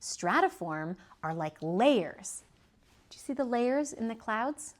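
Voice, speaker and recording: A woman teaching a preschool lesson, gently asking children to repeat words and point. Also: on the high side, big pitch swings, slow. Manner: sing-song, asks children to repeat and point.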